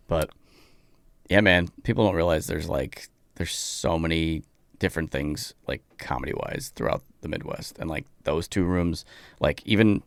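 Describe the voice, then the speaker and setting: Man, comedian guest, very low voice, animated storytelling, dry close sound. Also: creaky, dry recording. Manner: animated, acts out other people's lines; peppers speech with "like". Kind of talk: casual podcast storytelling.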